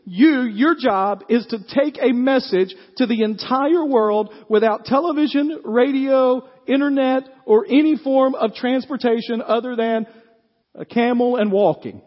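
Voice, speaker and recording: A man's voice: very high-pitched, big-room sound, lo-fi sound. A middle-aged man, preaching a folksy sermon to his congregation and checking in with them often with "right?". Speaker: pastor. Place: church sanctuary.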